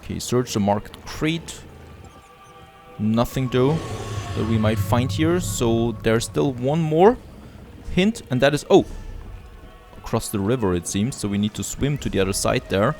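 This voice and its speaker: A man's voice: mid-range voice, lively intonation, measured pace, a little mellow, faint music behind. A man giving casual, upbeat commentary as he plays a video game, often admiring the scenery aloud. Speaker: let's play host.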